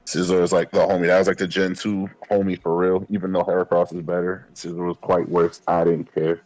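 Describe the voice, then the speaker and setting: A man, co-hosting a podcast and telling animated, profane stories, acting out his past self. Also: deep voice, fairly quick. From Queens, New York. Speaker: podcast co-host. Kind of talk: casual chat.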